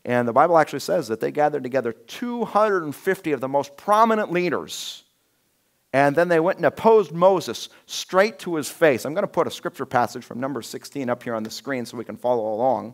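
A man preaching a conversational sermon as a pastor, telling the story casually and acting out quotes with lively shifts in voice. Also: medium pitch, a little fast. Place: church sanctuary.

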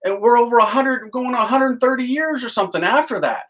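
A man, a priest, teaching with excited enthusiasm and leading a chanted litany. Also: extremely high pitch, quick pace, poor audio.

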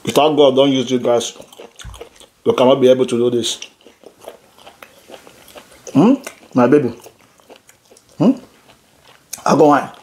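A man's voice: mid-range voice, fairly even intonation, measured pace, long pauses, darkish tone, slight background noise. A man hosting a casual family eating video at home, teasing his daughter and laughing often while he eats. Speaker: father and channel host. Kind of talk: casual family mukbang chat.

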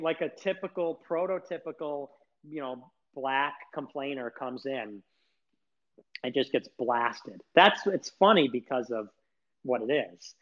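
A man hosting a live audio chat room, talking in a rambling, sarcastic monologue with mocking laughs. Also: on the high side. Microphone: streaming audio over the internet. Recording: dull lo-fi online audio.

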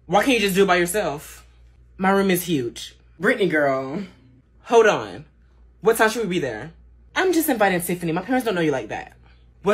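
Young woman doing sassy husky skit voices. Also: medium pitch. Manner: sassy, playful character voices. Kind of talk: comedy skits playing several characters.

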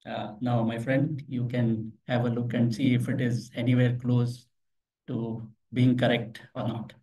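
Speaking unhurriedly in a mellow, mid-range voice with little pitch variation, a meetup presenter walks through a live tech demo. He keeps it conversational with anecdotes and audience questions, and he's recorded from far off the mic in an office meeting room.

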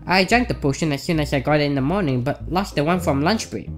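A nervous young female factory worker, voiced by a woman reading a game aloud, apologizing and begging politely. Her voice is low, with quiet guitar music behind it. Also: lively intonation, quick pace. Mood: apologetic. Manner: apologetic, pleading.

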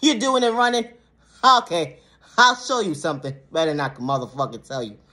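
A woman vlogger ranting to the camera in a casual monologue, laughing often between phrases and swearing heavily. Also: normal speed. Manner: calm lower-voiced affirmations in the closing sign-off.

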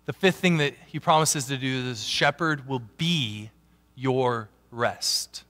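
A man preaching a sermon as a pastor, animated, swinging from loud emphatic peaks down to quiet asides. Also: mid-range voice, normal speed. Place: church sanctuary. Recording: long church hall reverb.

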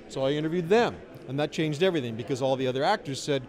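A man's voice: on the high side, lively intonation, brisk, a little mellow. A middle-aged man in a casual interview, telling stories in a chatty, wry and self-deprecating way. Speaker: interviewee, filmmaker. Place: outdoors at a festival.

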